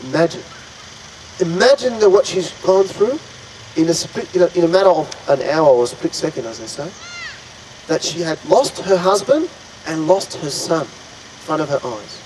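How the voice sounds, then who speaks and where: A man tells a religious story to listeners in a somewhat high voice, earnest and dramatic, often stopping to marvel aloud. A faint hum of air conditioning sits behind him. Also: animated, normal speed. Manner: earnest, dramatic, frequent pious exclamations. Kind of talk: retelling an Islamic story to an audience.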